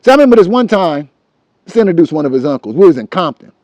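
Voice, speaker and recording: A middle-aged man, telling a childhood story in a loose, animated way and humming tunes as he goes. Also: sits high, quick pace, no echo, highs cut off. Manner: animated and loose, acts out voices and hums tunes. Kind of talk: casual storytelling.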